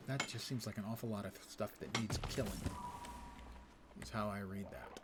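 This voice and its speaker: Over very noisy audio, a man with a fairly low voice plays a game on a live stream. Speaking at normal speed, he reads out the quest text and makes wry remarks to himself in casual commentary.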